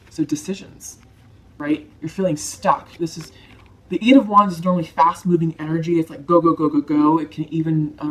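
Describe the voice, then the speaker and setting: A woman giving a tarot card reading to her viewers, soft-spoken, emotional and reassuring. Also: sits low. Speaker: tarot reader.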